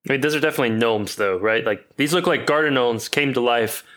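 A man co-hosting a comedy podcast, tossing in dry, wry observations. His voice sits at a plain middle pitch. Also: quick pace, a bit bright. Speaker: podcast co-host.

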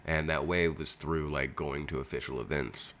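A man's voice: a bass voice, steady tone, normal speed, fairly bright tone. A young adult man co-hosting a podcast, chatting casually in a loose, jokey way and swearing freely. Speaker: podcast co-host. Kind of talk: casual chat.

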